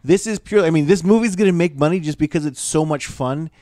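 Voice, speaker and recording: A man co-hosting a casual podcast about films, animated and swearing, who acts out what others said. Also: on the high side, fast talker, dry recording, studio quality. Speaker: podcast co-host. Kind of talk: casual chat about film.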